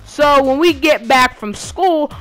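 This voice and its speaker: A woman's voice: sits high, slow. A teenage girl tells a long story, full of false starts and filler words. She talks in a loose, casual way, as if chatting to her viewers from home, and faint music plays behind her. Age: teens. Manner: rambling, many restarts and fillers. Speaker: student vlogger. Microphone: game console headset.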